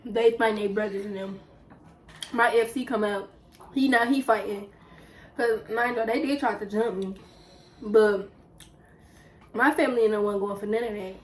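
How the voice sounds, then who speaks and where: A young woman vlogger, telling a story in a casual, animated way while eating on camera. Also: medium pitch, moderate pace, long pauses, poor audio. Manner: lively, animated retelling with acted quotes. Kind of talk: casual storytelling during a mukbang.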